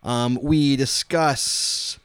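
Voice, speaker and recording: A man's voice: medium pitch, steady tone, very slow, fairly bright tone, clean tone, dry recording. A man co-hosting a podcast, playful and rambling, laughing often. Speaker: podcast co-host. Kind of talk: casual chat.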